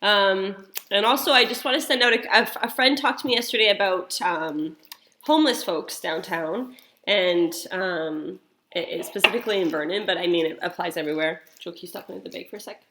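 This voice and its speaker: Woman, 30s-40s, church mom, casual storyteller, bright crisp voice, filler-heavy delivery. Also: medium pitch, fairly quick. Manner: chatty, rambling, full of fillers and restarts. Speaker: mother leading a church welcome and prayer. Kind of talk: casual storytelling and spoken prayer.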